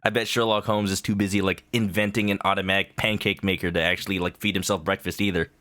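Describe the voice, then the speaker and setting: A man's voice: deep voice, little pitch movement, fast, sharp tone. A young adult man streaming a game, chatting playfully as he reads along. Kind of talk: gameplay commentary.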